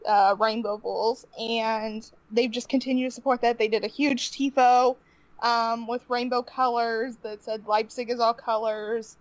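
A woman on a podcast telling a personal story in a halting, emotional way, laughing now and then. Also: fairly high pitch, level tone, no room sound, rough recording. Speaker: podcast guest.

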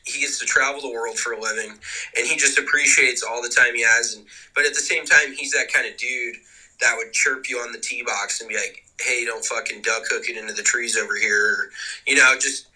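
A man with a very bright, sharp-edged voice co-hosts a loose sports chat over a video call. He talks in an easygoing, joking way and swears freely. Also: mid-range voice, steady tone, fairly quick, slightly rough, low-quality recording. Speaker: podcast co-host.

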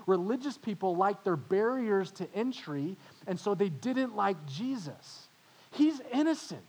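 A man preaching voices a repentant condemned criminal who scolds his fellow prisoner urgently, voice raised and high. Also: breathy edge, exaggerated voice, poor audio.

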